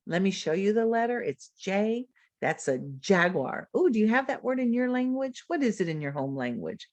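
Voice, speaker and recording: A woman's voice: mid-range voice, expressive, normal speed, a little mellow, dry recording. A woman presenting a literacy lesson over a video call, modeling classroom drills with patient, encouraging teacher talk and taking both the teacher's and the students' turns. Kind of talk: webinar lesson demonstration.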